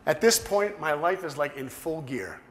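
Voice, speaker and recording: Male speaker, lively storytelling, roomy hall sound. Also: normal speed. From New York. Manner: animated, acts out dialogue with big pitch swings. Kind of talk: storytelling talk to an audience. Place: large hall.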